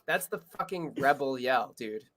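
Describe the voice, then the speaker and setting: A young man hosting a history podcast in casual, excitable chat, talking quickly and often laughing. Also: mid-range voice. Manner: quick, excitable, breaks into laughs and loud yells. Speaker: podcast host.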